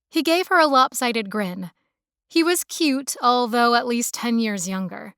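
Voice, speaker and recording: A woman narrating a romance audiobook in a steady, even storytelling manner. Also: on the high side, unhurried, smooth, no room sound, clean studio sound.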